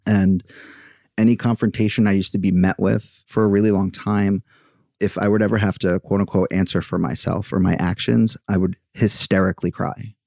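Brief: chatty male yoga teacher, deep gravelly voice, mellow, dry close sound. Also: flat delivery, normal speed, dry recording. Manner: chatty, acts out quoted voices. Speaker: podcast guest, yoga teacher. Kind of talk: candid personal storytelling.

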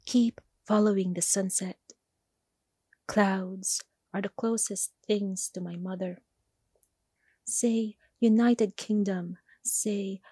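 A woman poet from the Philippines, reading her poems aloud and then answering interview questions in a slow, measured way. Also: medium pitch, dark tone, no echo, studio quality. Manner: slow, measured, deliberate delivery.

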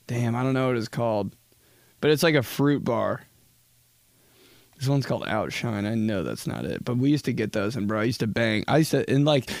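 A man's voice: mid-range voice, no echo. Profane rambling young podcast host, man. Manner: profane, rambling, jokey storytelling. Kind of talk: solo casual podcast chat.

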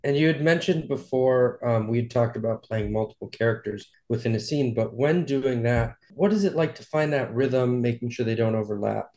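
A man co-hosting a podcast, asking measured, thoughtful questions. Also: medium pitch, darkish tone. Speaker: podcast co-host. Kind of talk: casual interview chat.

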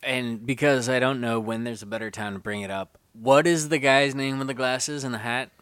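A man's voice: mid-range voice, fairly even intonation, normal speed, a bit bright, clear, resonant tone, dry recording. A man hosting a casual movie podcast, talking animatedly and slipping into mocking character voices. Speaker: podcast host.

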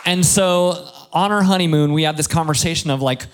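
Chatty pastor, bright conversational voice. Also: male voice, fairly high pitch, fairly quick, a faint crowd, slight background noise. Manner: conversational, playful storytelling with self-deprecating jokes. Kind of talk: sermon.

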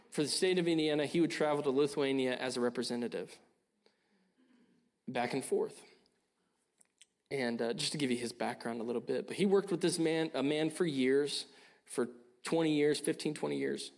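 A young man preaching a sermon, earnest and urging, often repeating his phrases. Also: mid-range voice. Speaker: pastor.

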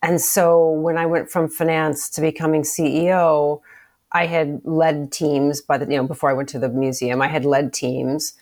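Brief: low-pitched middle-aged woman, podcast guest, measured and reflective. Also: level tone, darkish tone. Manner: measured, thoughtful, with frequent restarts. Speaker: podcast guest, former museum CEO. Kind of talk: conversational interview answers.

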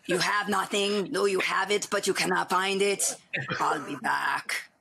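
A woman doing a gravelly, deadpan Austrian strongman. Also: on the low side, unhurried, exaggerated voice. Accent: put-on Austrian. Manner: deadpan, clipped commands. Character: gruff, blunt Austrian action-hero strongman, male.

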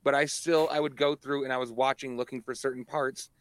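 A man's voice: medium pitch, steady tone, fairly quick, no room sound. A man on a casual podcast panel, telling a rambling story with hesitations. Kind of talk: casual chat.

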